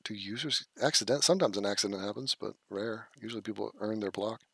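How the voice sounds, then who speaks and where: A man's voice: on the low side, fast, creaky, a bit bright, breathy edge, dry recording. A man hosting a casual livestream, reading chat comments aloud and answering them in a blunt, profane, scoffing way. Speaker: livestream host.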